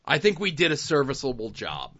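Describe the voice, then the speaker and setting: A man's voice: medium pitch, wildly swooping pitch, brisk, fairly bright tone. A man hosting a podcast in casual chat, rambling with fillers. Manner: rambling, many fillers, wraps up the show. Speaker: podcast host. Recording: dull lo-fi sound.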